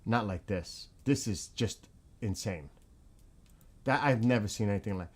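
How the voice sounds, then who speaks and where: A man's voice: lowish voice, animated, a little slow, long pauses, slightly rough. A man hosting a casual livestream, reading viewer chat and exclaiming in astonishment, often repeating himself.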